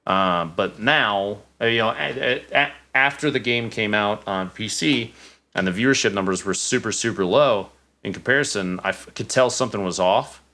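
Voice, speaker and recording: A man in his thirties, a podcast guest telling casual stories, animated, with many restarts. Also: fairly low pitch, normal speed. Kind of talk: casual storytelling.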